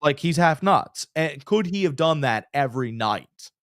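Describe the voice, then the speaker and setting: Lively, animated male sports podcaster. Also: fairly high pitch, moderate pace, no room sound, clean studio sound. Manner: animated storyteller, trails off and restarts. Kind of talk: casual sports chat.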